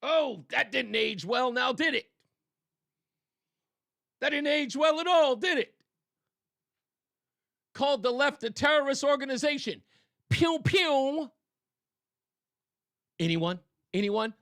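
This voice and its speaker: A man's voice: extremely high pitch, lively intonation, takes it slowly, creaky, long pauses, a bit bright, no echo. A male talk radio host giving sarcastic, mocking political commentary on a studio mic.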